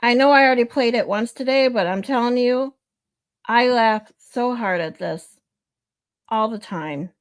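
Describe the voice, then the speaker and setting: A woman's voice: a little high, a little slow. A woman, chatting casually as a streamer and laughing easily between clips. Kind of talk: casual chat.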